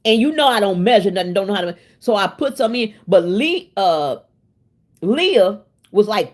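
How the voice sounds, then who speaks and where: A woman hosting a casual cooking livestream, chatty and expressive, laughing and answering her viewers while she cooks in her home kitchen. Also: medium pitch, moderate pace. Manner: chatty and expressive, laughing and talking back to chat. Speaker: livestream host.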